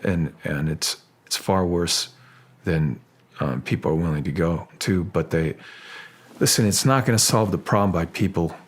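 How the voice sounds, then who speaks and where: A man speaking as a guest in an interview, halting and restarting, then animated when telling stories. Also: deep voice, slightly rough. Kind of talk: casual interview talk.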